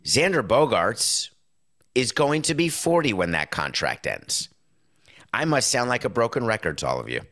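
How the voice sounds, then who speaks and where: A man's voice: mid-range voice, very animated, moderate pace. A middle-aged man hosting a sports talk show, giving an opinionated monologue with sarcastic, punchy stresses. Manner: emphatic, sarcastic, punchy with sudden loud stresses.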